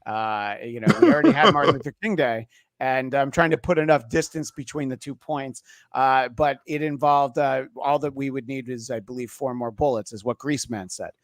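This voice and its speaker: A man guesting on a podcast, telling dry, deadpan jokes in a hesitant way with many fillers. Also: medium pitch, a little fast, few pauses, no room sound. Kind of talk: casual comedic chat.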